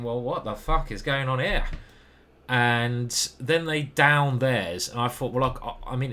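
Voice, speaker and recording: An English man talks loosely through his own chess games, drifting into asides, poking fun at himself and swearing casually. His pitch sits in a middle range for a man. A faint hiss runs underneath. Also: fairly bright tone. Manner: rambling, self-deprecating, swears casually. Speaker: chess grandmaster commentator.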